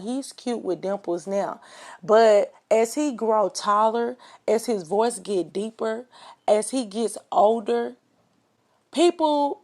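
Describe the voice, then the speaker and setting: Impassioned woman podcast host. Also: medium pitch. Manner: impassioned, emphatic, frequent fillers. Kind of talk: casual opinion monologue.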